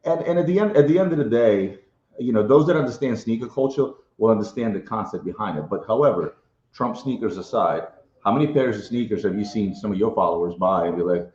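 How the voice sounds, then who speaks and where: This middle-aged Ukrainian sneaker collector answers interview questions casually, fast and emphatic, often ending points with "right?". His voice is fairly low and a little mellow; the room sounds echoey and the audio dull.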